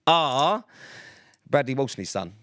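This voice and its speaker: A man's voice: mid-range voice, big pitch swings, measured pace, fairly bright tone, no echo, clean studio sound. A man co-hosting a podcast, telling stories in casual chat, sweary and full of fillers. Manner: sweary, rambling storyteller with many fillers. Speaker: podcast co-host.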